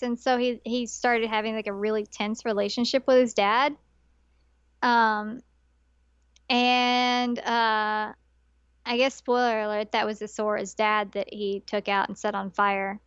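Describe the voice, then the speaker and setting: A woman co-hosting a casual podcast, telling a story in an animated way and often quoting characters. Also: a little high, unhurried, smooth, no room sound, lo-fi sound. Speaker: podcast co-host.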